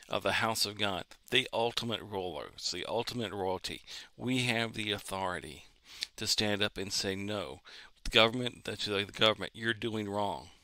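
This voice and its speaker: Earnest low-voiced male preacher, bright tone. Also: no room sound. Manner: earnest, repetitive, builds emphasis by restating. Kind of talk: sermon.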